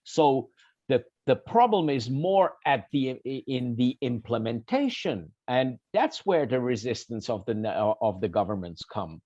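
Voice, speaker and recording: A man from Switzerland on a discussion panel, talking in halting bursts with many restarts and repeated words. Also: mid-range voice, very animated, darkish tone, no room sound. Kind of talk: round-table discussion. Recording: dull lo-fi sound, very dry.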